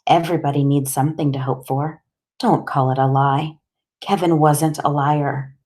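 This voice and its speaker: A woman voicing a weary, gentle female doctor in an audiobook, calm and soft-spoken. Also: low-pitched, normal speed, natural voice. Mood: consoling. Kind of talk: audiobook character dialogue.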